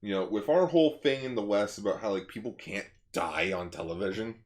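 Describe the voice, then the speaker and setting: Man, podcast co-host, casual chat, very low pitch, relaxed, hesitant restarts, echoey room. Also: fairly quick. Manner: relaxed, explains plot points, hesitant restarts.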